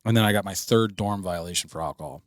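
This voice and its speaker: Low-voiced man telling a rambling story. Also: quick pace, dry recording, clean studio sound. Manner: profane, rambling, full of "like" fillers. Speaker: podcast co-host. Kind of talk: casual storytelling.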